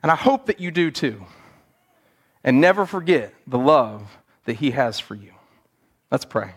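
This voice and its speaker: A man preaching a sermon as pastor, earnest, sometimes acting out scenes with animated quoted voices, in a church sanctuary. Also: mid-range voice, unhurried, slightly rough.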